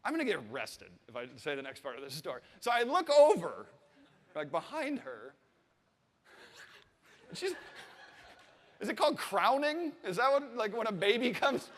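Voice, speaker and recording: A man's voice: sits high, sing-song, normal speed, pauses often, big-room sound. A man in his thirties telling a comic story on stage, swearing and acting out the voices of the people in it. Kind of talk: comic personal anecdote to a live audience.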